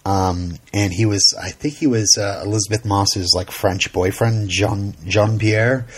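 A man's voice: fairly low pitch, fairly even intonation, unhurried, breathy edge. A man co-hosting a casual chat, rambling with frequent ums and light laughs. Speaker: podcast co-host.

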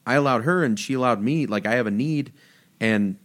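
A man's voice: mid-range voice, fairly quick, a bit bright. A man talking casually about faith on a podcast, telling stories animatedly and jumping his voice up for quoted lines. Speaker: podcast host.

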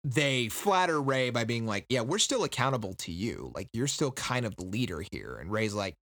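Bright-voiced man recapping a book casually. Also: mid-range voice, big pitch swings, no echo, studio quality. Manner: loose, joking, quotes characters in quick impressions. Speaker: podcast co-host recapping a book. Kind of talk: casual chat.

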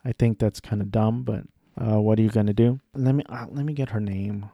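A man's voice: lowish voice, fairly even intonation, fairly quick, creaky, no echo, dull audio. A young man in casual chat about films he has watched, rambling and correcting himself as he goes. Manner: rambling, self-correcting, offhand. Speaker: vlogger.

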